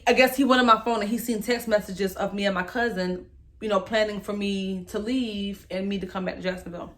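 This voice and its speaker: A young woman, emotionally recounting a personal story to the camera in a candid, halting way and speaking straight to her viewers. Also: mid-range voice, fairly even intonation, a bit bright. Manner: candid, halting, speaks to viewers as "y'all", voice rises when reliving moments. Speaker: vlogger telling her story.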